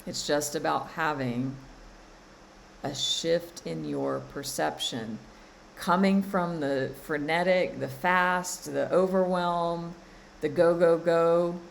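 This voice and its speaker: A low-pitched woman talks slowly on a live stream, leaning hard on her key phrases and repeating them. She runs a spiritual coaching session, with a faint hiss of room noise under her voice. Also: fairly even intonation, vocal fry, low-quality recording. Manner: slow, emphatic, repeats phrases, laughs often. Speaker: spiritual coach and card reader.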